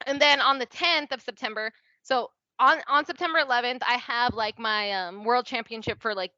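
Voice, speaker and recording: A woman's voice: on the high side, normal speed, bright, forceful tone, dry recording. A young adult woman telling a personal story as a guest on a casual podcast. She talks candidly, fills her sentences with "like", swears freely and acts out what people said. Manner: chatty and candid, peppers speech with "like" and swearing, acts out quoted dialogue. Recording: dry, slightly dull podcast audio.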